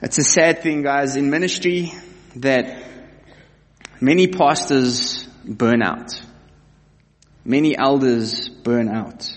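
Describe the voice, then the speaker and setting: Male preacher, mid-pitched, earnest emphatic sermon delivery with repetition, recorded with long hall reverb. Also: takes it slowly, pauses often. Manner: earnest, emphatic, repeats key phrases.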